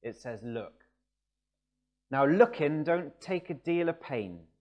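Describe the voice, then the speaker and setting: A man voicing a blunt, fervent rural English preacher with an Essex accent, shouting and repeating himself. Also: fairly high pitch, lively intonation, slow, dull audio. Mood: homely. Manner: shouting, emphatic repetition.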